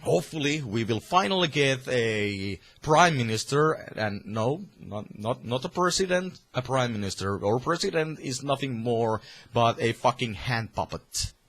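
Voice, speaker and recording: A man's voice: mid-range voice, lively intonation, a little slow, few pauses, fairly bright tone. A man from Finland with a Finnish accent, delivering a heated, profane political rant to camera with many restarts. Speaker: vlogger.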